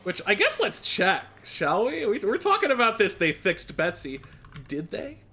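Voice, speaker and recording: Bright, animated man streaming a game. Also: sits high, normal speed, a little hiss or hum. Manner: animated, talks to himself, sudden yelps and laughs. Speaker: speedrunner streamer. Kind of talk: casual gameplay commentary. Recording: faint music and keyboard behind.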